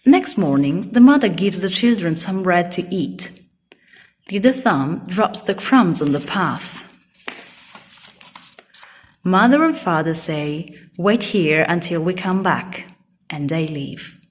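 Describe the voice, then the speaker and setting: A woman reading a children's storybook aloud in a clear, simple way for young learners. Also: on the low side, very animated, takes it slowly, long pauses. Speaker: storybook reader.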